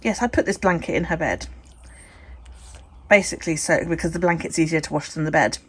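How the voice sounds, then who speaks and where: A woman's voice: low-pitched, fairly quick, breathy edge. A woman chatting casually in a home vlog, swearing freely and talking to her dog. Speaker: vlogger.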